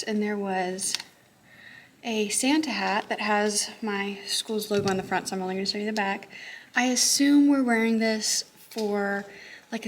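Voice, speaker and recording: A young woman, a high school teacher, chatting casually to her phone camera in a vlog, upbeat and full of "like" and "um". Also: a little hiss or hum. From Texas. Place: her car and classroom.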